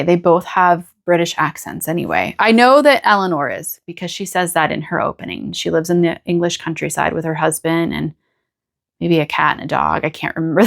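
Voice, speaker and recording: A woman from the United States chatting casually as the host of a knitting podcast, gushing and rambling with small restarts. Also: on the low side. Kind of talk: casual chat to camera.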